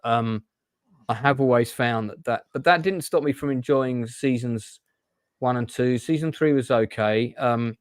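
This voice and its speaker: A man's voice: medium pitch, dry recording. Male host, casual rambling talker, dry close sound. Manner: rambling, hesitant, with many restarts. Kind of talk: casual chat.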